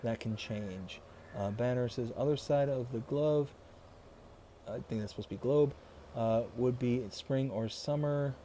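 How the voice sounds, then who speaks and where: Chatty male game streamer, mellow voice. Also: medium pitch, a little slow, a little hiss or hum. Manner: chatty, rambling, reads chat aloud, laughs often. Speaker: livestream host playing a farming game. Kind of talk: casual livestream chat.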